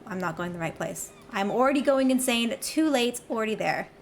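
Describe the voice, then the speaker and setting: A woman's voice: on the high side, expressive, a little fast, slight background noise. A woman in her thirties, a game streamer, chatting wryly and mocking herself as she plays. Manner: wry, chatty, self-mocking. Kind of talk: casual live-stream commentary. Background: game music.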